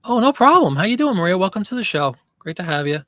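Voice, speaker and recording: A man's voice: high-pitched, big pitch swings, quick pace, fairly bright tone, no room sound, clean studio sound. A man hosting a live stream, chatting casually and answering viewer comments.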